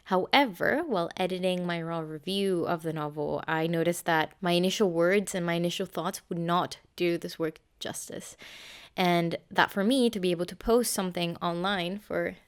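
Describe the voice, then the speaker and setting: Low, smooth-voiced woman reviewing a novel. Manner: measured, reading from a script. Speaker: book reviewer. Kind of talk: scripted book review.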